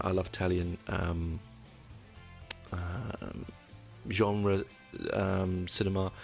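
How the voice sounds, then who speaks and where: Faint guitar plays beneath a very deep, gravelly-voiced man with a creaky edge as he hosts a casual solo podcast. He rambles, keeps backtracking and restarting, and drops swear words without a second thought.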